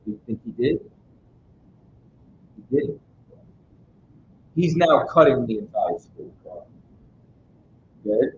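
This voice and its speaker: A man's voice: mid-range voice, lively intonation, slow, pauses often. A man teaching a Bible study in a casual, emphatic way, constantly checking that his listeners follow him. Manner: casual street-style speech. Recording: roomy, dull sound with faint noise.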